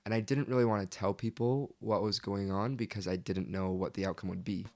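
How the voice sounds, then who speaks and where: A man's voice: fairly low pitch, fairly even intonation, brisk. A young man, a guest on an interview podcast, telling his story earnestly and peppering it with "like". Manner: earnest, leans heavily on "like".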